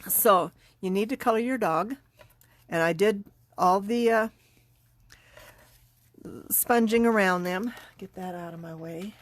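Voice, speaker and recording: A middle-aged woman teaching a card-making class sounds stuffy and congested, sniffling as she chats. Her voice is medium-pitched with no echo, and she talks in a chatty, unhurried way while demonstrating her craft.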